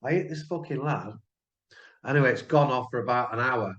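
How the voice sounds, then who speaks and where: A man's voice: medium pitch, brisk, a bit bright. A man from Lincoln, a panel member telling a blunt, sweary story in casual chat. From Lincoln, England. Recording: roomy, dull lo-fi sound.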